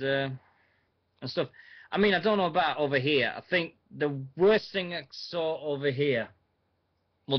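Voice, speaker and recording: On a muffled recording, a man in his forties speaks at a medium pitch while hosting a radio show. He rambles casually, his talk packed with fillers and restarts.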